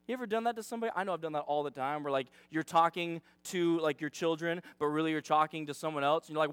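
A man's voice: a little high, fast, few pauses, fairly bright tone, clean tone, dry recording. A man preaching a casual sermon as a youth pastor, chatty and self-deprecating, dramatizing the story as he talks.

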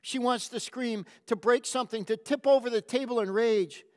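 A man preaching a sermon, telling a story in a slow, gentle, reflective way. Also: very high voice. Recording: long hall reverb.

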